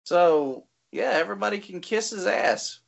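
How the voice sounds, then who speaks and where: A man's voice: high-pitched, lively intonation, normal speed, creaky. A man co-hosting a casual wrestling podcast, blunt and agreeable, swearing freely. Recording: dull lo-fi audio.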